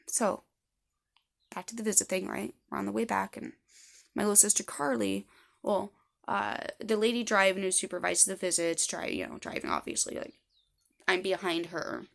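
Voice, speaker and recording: A woman's voice: mid-range voice, moderate pace, creaky, pauses often, fairly bright tone. A woman in her thirties telling her own story to camera in a blunt, rambling way with heavy swearing. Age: 30s. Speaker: vlogger.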